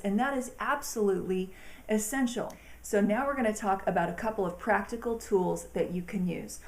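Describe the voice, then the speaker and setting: A woman hosting an inspirational talk, speaking in an earnest, encouraging way with slow, emphatic phrasing. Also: medium pitch, a little mellow, roomy sound. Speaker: host.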